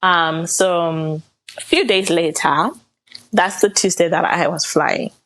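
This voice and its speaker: A woman's voice: on the low side, steady tone, slow pace, a bit bright. A young adult woman, a podcast guest, animatedly retelling a personal story and quoting others, with many filler words. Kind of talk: casual storytelling.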